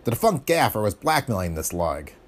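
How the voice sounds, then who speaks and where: A man's voice: lowish voice, very animated, brisk. A man voicing a tough, wisecracking male private eye who throws out sardonic, cocky jabs.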